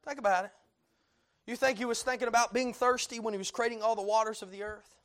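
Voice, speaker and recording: A man preaching a sermon, dropping to hushed low passages and climbing to loud peaks, with frequent amens and uh fillers. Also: fairly even intonation, quick pace.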